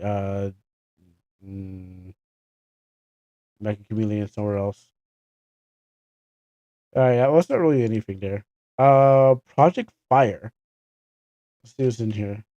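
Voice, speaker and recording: This young Canadian streamer talks in a low, mellow voice over a dry recording. He chats casually during his game livestream, wandering off on tangents, correcting himself, and chuckling as he goes.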